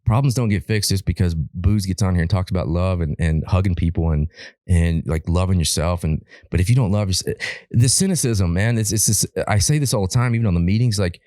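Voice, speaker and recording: A man from Alaska, a firefighter guest on a podcast, telling stories in a rambling, animated way and swearing freely. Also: low-pitched, brisk, dry recording, clean studio sound. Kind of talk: casual podcast conversation.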